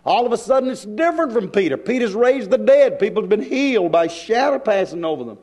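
A male preacher delivering a sermon in a church, with dramatic pauses and shifts in pace. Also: sits high, sing-song, darkish tone.

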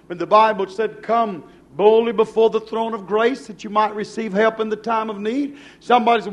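High-voiced fervent male preacher. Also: fairly even intonation, normal speed, few pauses. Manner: fervent, rhetorical questioning. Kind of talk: sermon.

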